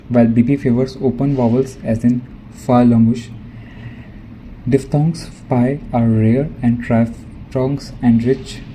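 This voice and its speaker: A male student reading a prepared academic presentation, careful and measured, now and then correcting himself. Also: mid-range voice, warm tone, slight background noise, rough recording.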